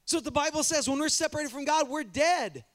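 Pastor guy preaching, really high voice, animated, keeps repeating himself, talks right to the congregation. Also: fairly quick. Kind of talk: sermon. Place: church.

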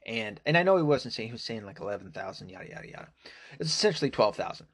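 A man's voice: fairly low pitch, big pitch swings, quick pace, husky. A man delivering an angry, profane political rant, full of fillers and restarts. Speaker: political commentator.

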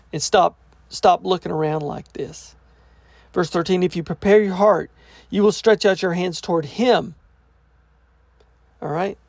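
A man's voice: high-pitched, vocal fry, a little mellow, no echo. A man teaching through a scripture passage verse by verse, reading each part aloud and then restating it in plain, casual words. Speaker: Bible teacher.

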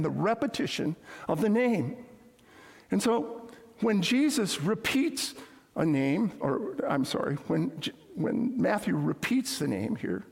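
A male pastor delivers a sermon in a high, husky voice. He tells stories and acts out the lines he quotes, sometimes dropping to a hushed tone. The sound carries the long reverb of a large church hall. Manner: storytelling, acts out quotes, drops to hushed tones.

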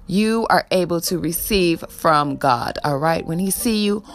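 A woman's voice: fairly low pitch, expressive, unhurried. A woman giving a preachy spiritual pep talk, ending most sentences with a questioning "ah?" and sighing now and then. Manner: sighs before blowing love. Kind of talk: motivational spiritual talk to camera.

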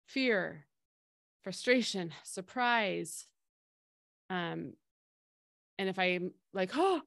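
A middle-aged woman with a medium-pitched voice co-hosts a casual podcast, conversationally describing feelings with familiar analogies and acting out quoted speech. It sounds like a studio, with no room sound.

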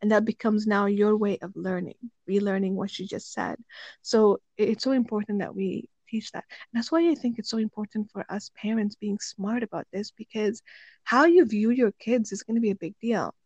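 A woman and parent chatting casually, telling animated stories and acting out quotes. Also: medium pitch, moderate pace, dry recording, dull audio. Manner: animated storyteller who acts out quotes. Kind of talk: casual chat.

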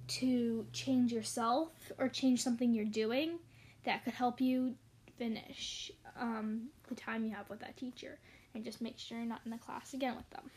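A young woman with a high voice gives earnest advice on a casual podcast. She talks in a measured way. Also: darkish tone, a little hiss or hum.

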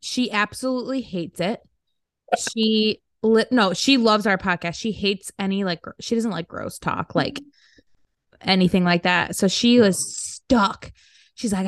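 A woman's voice: mid-range voice, unhurried, no room sound. A young woman co-hosting a casual podcast chat, chatty and laughing easily with slangy talk. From upstate New York. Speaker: podcast co-host.

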